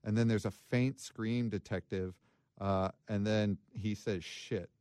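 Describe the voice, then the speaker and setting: A man hosting a casual podcast chat, recounting a true crime case with many pauses and restarts. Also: fairly low pitch, steady tone, warm tone, smooth, dry recording. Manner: hesitant, many fillers and restarts. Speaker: podcast host.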